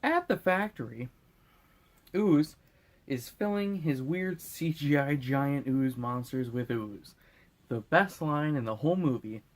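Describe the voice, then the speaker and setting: A man's voice: medium pitch, lively intonation, takes it slowly. Rambling drunk man recapping a movie. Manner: rambling, crude, laughing, acting out lines in silly voices. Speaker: host.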